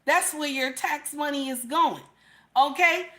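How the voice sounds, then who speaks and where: A woman reacting on a livestream in animated, exclamatory talk, repeating "okay?" often. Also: high voice, a little slow. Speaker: livestream host. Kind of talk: casual reaction commentary.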